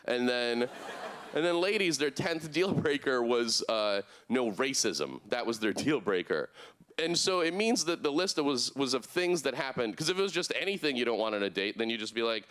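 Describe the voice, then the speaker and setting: A man in his thirties doing a deadpan, absurd stand-up routine on a club stage, jumping up into a high voice for the people he quotes. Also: normal speed. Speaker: stand-up comedian. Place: comedy club stage before a live audience.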